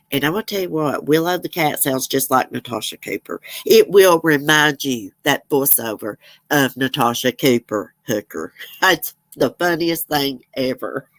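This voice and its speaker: Woman host, low voice, rambling chatty livestream talk, dry close sound. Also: fairly bright tone, no echo. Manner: chatty, rambling, laughs often. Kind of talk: casual chat reading viewer comments.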